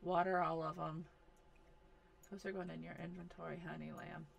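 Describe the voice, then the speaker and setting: A woman's voice: on the low side, flat delivery, moderate pace, vocal fry. Exasperated woman narrating her game. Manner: exasperated, bossing game characters around. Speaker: gaming video host. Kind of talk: casual gameplay commentary.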